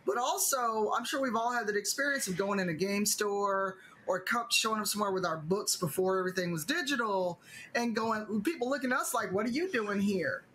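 A middle-aged woman talking on a video call as one of the panelists, her pitch sitting in an ordinary middle range. She speaks conversationally, leaning on her points with emphasis and a dry, wry edge. The tone stays casual and engaged throughout. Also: a little fast, a bit bright, slight background noise, low-quality recording.

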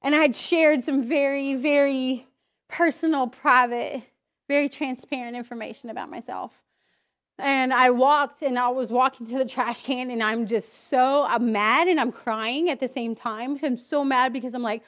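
High-pitched woman, church testimony speaker, candid and emotional storyteller. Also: steady tone, moderate pace, a bit bright. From Idaho, US. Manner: candid, emotional storytelling with acted inner voices. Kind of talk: personal testimony talk.

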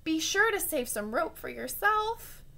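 A woman voicing a big, greedy, grumpy male bear from a storybook, who talks in a gruff, whiny way. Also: extremely high pitch, sing-song, a little slow, bright, forceful tone, voice pushed up, full character voice. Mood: worried.

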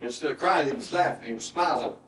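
A middle-aged man, preaching a sermon and telling a personal story in an earnest voice that often drops to a hushed, emotional tone. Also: mid-range voice, quick pace, soft background music. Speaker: pastor. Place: church sanctuary. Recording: roomy church sound from a distant mic.

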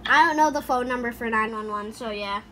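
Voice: medium pitch, brisk, noisy background. A gaming YouTuber giving goofy, chatty commentary over gameplay, talking into a headset mic. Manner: chatty, goofy, makes sound effects.

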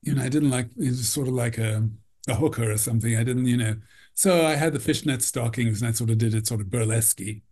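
A man's voice: medium pitch, fast talker, a little mellow, slightly rough. A man recounts backstage memories as an interview guest, rambling and peppering his talk with "you know". He slips into acting out the people he quotes. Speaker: costume designer, guest. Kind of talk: anecdotal interview storytelling.

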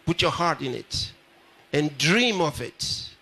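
A man's voice: on the high side, lively intonation, takes it slowly, vocal fry, pushed and bright, husky. A pastor addressing a live audience at a ceremony, repeating his phrases and putting questions straight to the crowd. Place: large ceremony hall.

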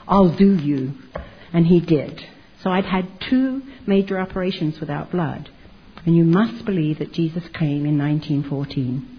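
Older woman, husky voice, chatty humorous testimony, dull lo-fi recording. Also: fairly low pitch. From Canada. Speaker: testimony speaker. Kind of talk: personal testimony talk.

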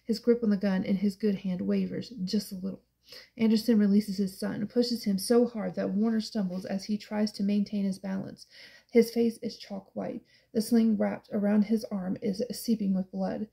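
A woman's voice: mid-range voice, fairly even intonation, normal speed, creaky, mellow. A woman giving an intense, dramatic first-person audiobook narration.

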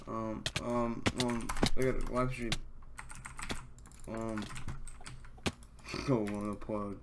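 A young man live-streaming a game, talking casually and excitedly, swearing a lot as he fanboys over another player. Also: on the low side, slow pace, very noisy. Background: keyboard typing and mouse clicks.

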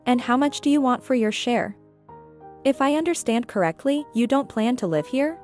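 A woman's voice: high-pitched, expressive, normal speed, darkish tone, faint music behind. A woman reading a weary grieving woman. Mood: sarcastic.

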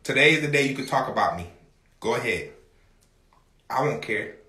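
A man hosting a livestream, talking casually to his viewers in a loud, rambling, profane way and often shouting. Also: medium pitch, lively intonation, moderate pace, reverberant.

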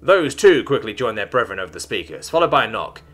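A man narrating a science fiction story in an animated storytelling manner, with soft music beneath. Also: mid-range voice, fast. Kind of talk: scripted narration.

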